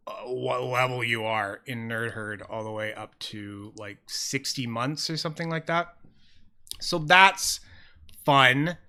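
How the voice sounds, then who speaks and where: A man chatting casually on a home livestream into a close, sensitive mic, rambling, excitable and swearing freely. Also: medium pitch, clean tone. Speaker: fidget toy livestreamer.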